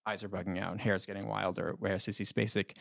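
A man's voice: deep voice, flat delivery, fast, gravelly, fairly bright tone, no echo, studio quality. A man talking as a podcast guest in a casual film discussion, enthusiastic and chatty, laughing often.

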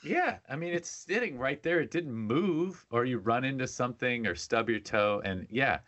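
A man's voice: mid-range voice, normal speed, dull audio. A man, co-hosting a podcast in casual chat, telling stories animatedly and acting out other voices. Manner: animated storytelling, acts out voices. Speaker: podcast co-host.

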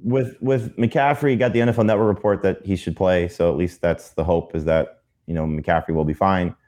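A man's voice: sits low, fairly even intonation, brisk, a little mellow. A man giving fantasy football analysis in casual chat, hedging and talking things through.

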